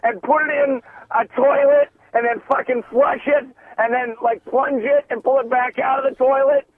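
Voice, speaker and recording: A man's voice: very high voice, level tone, moderate pace. A man with a Boston accent phoning in to a comedy show, rambling through menacing threats. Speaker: caller. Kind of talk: comedic phone-in rant. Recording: tinny phone line.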